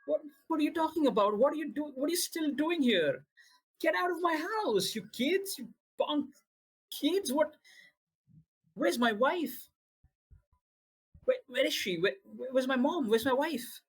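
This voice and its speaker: A man's voice: high-pitched, a little slow, breathy edge, pitched above the performer's own voice, exaggerated voice, low-quality recording. A man doing a moody grown man, cheery then furious. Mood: angry, confused. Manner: swings from cheery to shouting. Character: adult man flipping between childish glee and angry confusion.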